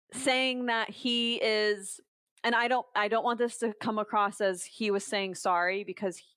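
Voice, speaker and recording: Young woman guest, brisk storyteller, close dry mic. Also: medium pitch, fairly bright tone, smooth, dry recording. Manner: fast storytelling, quoting others in dialogue. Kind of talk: podcast conversation.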